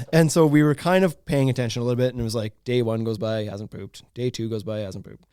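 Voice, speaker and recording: A man, hosting a podcast and telling a story in casual chat, animated and laughing often. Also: medium pitch, fast, clear, resonant tone, no echo, studio quality. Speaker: podcast host.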